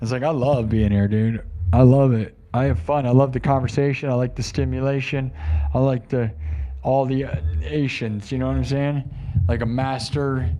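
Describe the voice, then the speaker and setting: A man's voice: medium pitch, steady tone, normal speed, mellow. Guy streamer chatting live, rambling and hyped, talks straight to chat.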